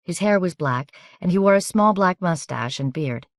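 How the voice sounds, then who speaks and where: A woman narrating an audiobook in an even, measured, scripted reading on a close studio microphone. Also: on the low side, no room sound.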